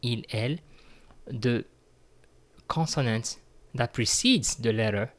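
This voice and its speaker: A man's voice: medium pitch, slow. A man teaching a French grammar lesson, speaking patiently, repeating words and using many fillers.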